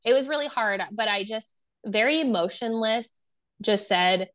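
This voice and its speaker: A woman's voice: a little high, a little slow, few pauses, a bit bright. Young woman telling her own story, super casual, lots of "like", acts out what people said. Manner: casual, filler-heavy, acts out quoted dialogue. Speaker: guest sharing her story. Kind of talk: candid personal storytelling.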